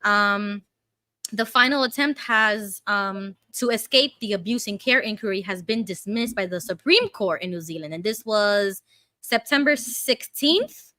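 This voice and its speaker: A woman's voice: mid-range voice, expressive, sharp tone, no echo. A Canadian woman co-hosting a casual online news chat, reading a news article aloud carefully. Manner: reads carefully, admits she talks fast. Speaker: co-host.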